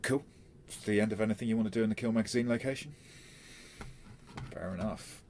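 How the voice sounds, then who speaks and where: A man's voice: on the low side, a little fast, darkish tone, slight background noise. A man running a tabletop role-playing game as game master, chatty and stop-start with many fillers.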